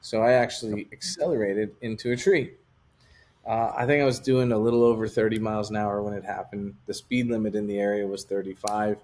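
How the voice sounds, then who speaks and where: Low-voiced man telling a candid story. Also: a little fast, a little mellow. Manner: candid, rambling, with frequent "like" fillers. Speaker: interview guest. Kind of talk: casual storytelling in conversation.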